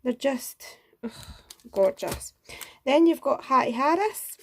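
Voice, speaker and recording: A woman's voice: sits high, animated, slow pace, slight background noise. A woman in a casual show-and-tell craft review, gushing and enthusiastic, full of exclamations. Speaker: craft vlogger.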